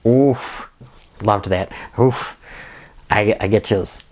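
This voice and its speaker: Hosting a casual spoiler recap and review, this man speaks in a fairly low, slightly mellow voice and draws out his words. He's a video reviewer who rambles with eager enthusiasm and plenty of "like" fillers.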